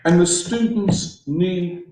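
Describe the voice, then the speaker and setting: A man's voice: high voice, slow, warm tone, a little hiss or hum. A man leading a political discussion, speaking emphatically and preacherly, throwing out rhetorical questions. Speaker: discussion leader. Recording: echoey room.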